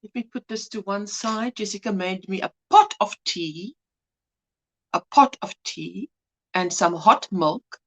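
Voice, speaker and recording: A woman's voice: medium pitch, unhurried. A woman hosting a casual livestream, greeting viewers by name with pet names and laughing often. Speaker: livestream host. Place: indoors at home.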